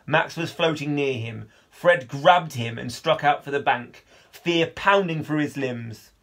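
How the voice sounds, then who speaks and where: Man, teacher, children's novel read-aloud, expressive, a bit high-pitched. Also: a little slow, hardly any pauses. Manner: expressive storytelling. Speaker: teacher reading a book aloud.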